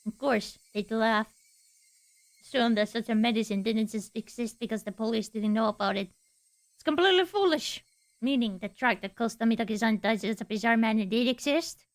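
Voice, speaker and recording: A woman's voice: fairly high pitch, moderate pace. A woman streamer reading a visual novel's text aloud, playful and giggly between lines. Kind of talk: reading game text aloud with live reactions.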